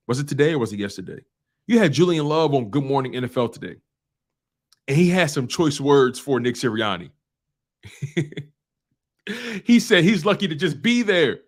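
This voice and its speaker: A man hosting a sports talk show, ranting in a casual, animated way and repeating phrases for emphasis. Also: medium pitch.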